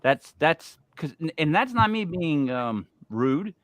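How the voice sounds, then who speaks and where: Animated, emphatic male podcast host. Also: fairly high pitch, slow, no echo. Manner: animated, emphatic, repeats words when making a point. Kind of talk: casual podcast chat.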